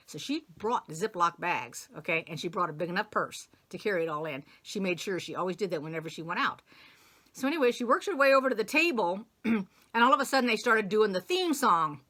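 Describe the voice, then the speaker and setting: A woman's voice: medium pitch, very animated, moderate pace, sharp tone. A woman casually retelling a story she read, rambling, acting out the characters' lines and often laughing or admitting she forgot details. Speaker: quilting channel host.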